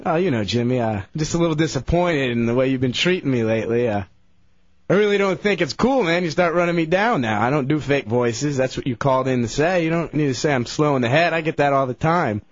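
A man chats easily on a radio show. He keeps a laid-back tone and his pitch moves around a lot. The mic sounds a little dull. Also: lively intonation, fairly quick, dry recording. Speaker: radio co-host. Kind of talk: casual radio banter.

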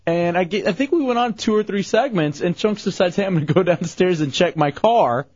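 A man's voice: sits high, fairly quick, a little mellow, no room sound. A man hosting a radio talk show, joking and laughing often in casual banter. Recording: dry, slightly dull studio mic.

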